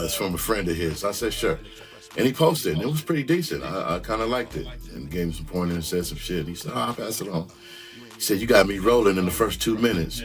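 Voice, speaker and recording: A man with a very low, deep voice delivers blunt, profane advice in a loose, animated monologue. He talks like a comedian telling stories, swinging his delivery up and down as he goes. Faint music plays softly behind him. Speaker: comedian and music artist host.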